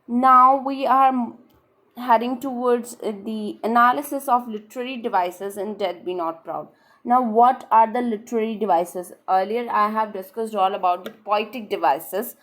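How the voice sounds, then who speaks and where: A woman's voice: fairly high pitch, steady tone, normal speed, fairly bright tone. A young woman with an Indian English accent giving an online literature lecture for exam preparation, explaining patiently and repeating key points. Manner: explains patiently, repeats points, often says "all right then". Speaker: literature teacher.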